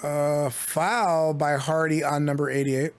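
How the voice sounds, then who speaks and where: A man's voice: a little high, fairly even intonation, takes it slowly. A man streaming live basketball commentary, calling plays in a casual, chatty way with jokey asides. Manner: chatty, jokey asides between play calls. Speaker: streamer giving play-by-play commentary.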